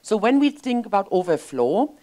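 Expressive woman giving a spiritual talk. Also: medium pitch, moderate pace. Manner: expressive, emotional, lively storytelling. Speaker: spiritual speaker. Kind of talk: inspirational sermon. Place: church sanctuary.

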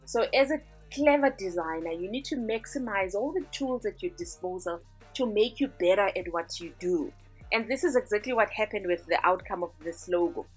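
A woman's voice: mid-range voice, expressive, moderate pace, slightly rough, faint music behind. A woman hosting a design tutorial, narrating a screen-recording voice-over in an upbeat, chatty way as she walks through each step.

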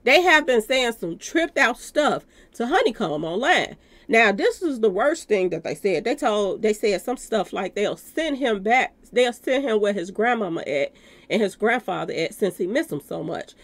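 Animated woman hosting a gossip channel. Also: medium pitch, moderate pace. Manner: talks straight to viewers, calling them y'all. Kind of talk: commentary on a news clip.

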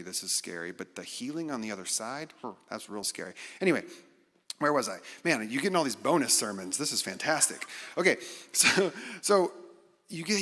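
Middle-aged man, conversational sermon, animated, self-deprecating, long hall reverb. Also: mid-range voice. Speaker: guest speaker.

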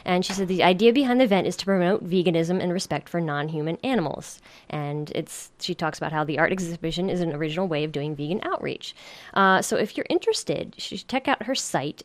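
A woman's voice: fairly low pitch, dry recording. A woman co-hosting a casual podcast, giggly and rambling, with many fillers. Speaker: podcast co-host.

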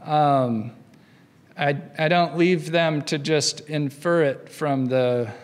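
A man's voice: a little high, slow. A middle-aged man giving a university philosophy lecture in a conversational way, often checking in with the audience with "right?" between thoughts. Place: lecture hall. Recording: long reverb of a lecture hall.

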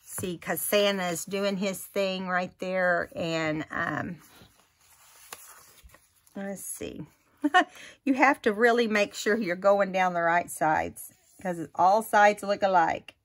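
A woman's voice: medium pitch, takes it slowly. A woman hosting a casual crafting tutorial, chatting and thinking aloud as she works.

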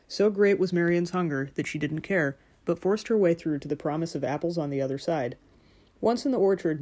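A woman narrating a fairy-tale audiobook in a measured, gentle storytelling manner. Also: deep voice.

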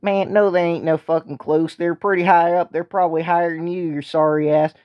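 A swaggering, foul-mouthed co-host with a thick put-on accent, as a man does the voice, sitting a little high in pitch. He talks crude and belligerent, like he's itching for a fight, and the sound is dull and lo-fi. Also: little pitch movement, a little fast, dry recording, lightly acted. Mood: brash, crude.

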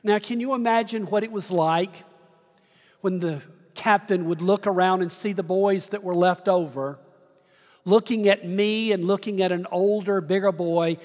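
A middle-aged man preaching a sermon as pastor, telling stories slowly with dramatic pauses. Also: high-pitched. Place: large church sanctuary. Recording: long church reverb.

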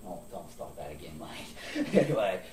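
A man's voice: sits low, very animated, moderate pace, a little mellow. A man hosting a comedic wrestling interview show, joking, laughing often and calling everyone mate. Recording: echoey room from far off, faint noise.

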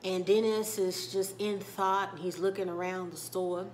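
A woman's voice: mid-range voice, fairly even intonation, normal speed, slight background noise. A woman giving a casual, chatty recap of a TV episode, retelling scenes and quoting the characters. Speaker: TV show reviewer.

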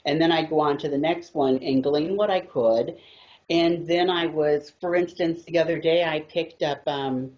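A woman's voice: deep voice, fairly even intonation, normal speed, a little mellow. A woman guest talking about tarot, earnest and a little rambling as she tells her stories. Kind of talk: casual chat about tarot. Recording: dull lo-fi audio.

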